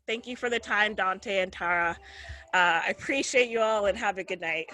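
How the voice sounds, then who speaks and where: A woman's voice: mid-range voice, moderate pace, background noise. A woman performing a profane stand-up comedy set, often laughing at her own jokes.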